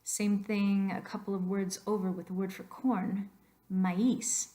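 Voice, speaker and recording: A woman's voice: mid-range voice, level tone, normal speed, dark tone. A woman teacher narrating a slideshow lesson in a playful, emphatic way, moving back and forth between English and Spanish. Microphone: voice-over on a computer mic.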